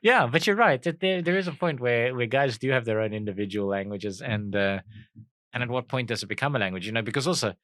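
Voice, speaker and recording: Teasing South African podcast host. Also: male voice, medium pitch, a bit bright, dry recording, clean studio sound. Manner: teasing, quick to laugh. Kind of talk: casual comedic chat.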